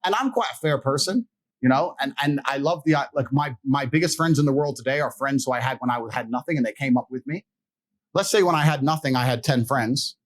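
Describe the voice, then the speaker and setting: On a podcast, a male guest with a mid-range voice tells stories at a brisk clip. He's blunt, profane and boastful, staying animated and laughing mid-story throughout this casual interview storytelling.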